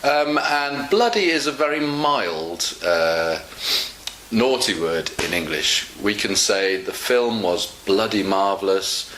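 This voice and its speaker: A male English teacher talks through a casual lesson, patient and full of fillers as he explains. His voice sits low, and his delivery is slow and measured. A roomy echo and faint background hiss surround him. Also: fairly bright tone. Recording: echoey room with faint hiss.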